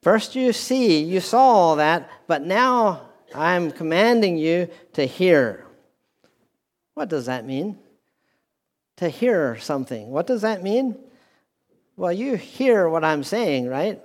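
Slow-paced preacher in a reverberant hall. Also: male voice, sits high, very animated. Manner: deliberate preaching with repeated phrases and restarts. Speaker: pastor. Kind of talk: sermon. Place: church hall with a speaker system.

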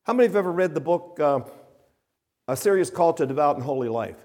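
A man's voice: a little high, animated, quick pace, darkish tone. A man preaching a sermon with emphatic, rising and falling delivery. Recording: long reverb of a hall.

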